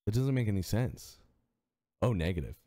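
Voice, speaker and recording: Lively, low-voiced male streamer. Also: moderate pace. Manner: animated, swears freely, restarts sentences. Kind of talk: casual live-stream chat.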